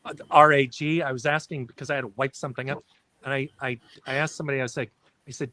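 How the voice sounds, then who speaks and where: A man's voice: a little high, wildly swooping pitch, fairly quick, long pauses, very noisy. A man with a Minnesota accent, chatting curiously and telling stories from his youth in a casual stream. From Minnesota, United States. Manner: curious, storytelling. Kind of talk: casual chat.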